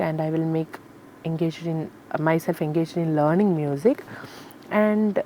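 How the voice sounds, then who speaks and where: Earnest woman singer, low-pitched. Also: mellow, a little hiss or hum. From Kerala, India. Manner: earnest, explanatory, many fillers. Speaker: Carnatic singer, interviewee. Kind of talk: interview answers.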